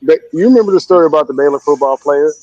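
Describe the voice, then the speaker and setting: High-voiced man on a dull mic. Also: very fast, a little mellow, dry recording. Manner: storytelling, laughing, insistent. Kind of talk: casual podcast chat.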